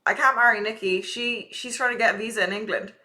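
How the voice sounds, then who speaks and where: A woman's voice: fairly high pitch, steady tone, quick pace, bright, forceful tone. Ranting, swearing woman streamer. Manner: profane, ranting, chatty. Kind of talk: casual live-stream chat.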